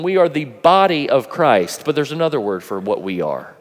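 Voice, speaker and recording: A man preaching a sermon at a youth conference, animated and playful, acting out voices as he goes. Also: medium pitch, normal speed. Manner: animated, acts out quoted voices, laughs often. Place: large conference hall. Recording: long hall reverb.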